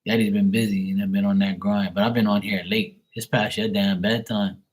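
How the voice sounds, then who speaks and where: A man's voice: lowish voice, little pitch movement, fairly quick. Blunt, foul-mouthed male livestreamer. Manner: profane, blunt, talks back to viewers. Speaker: livestream host. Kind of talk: casual livestream chat.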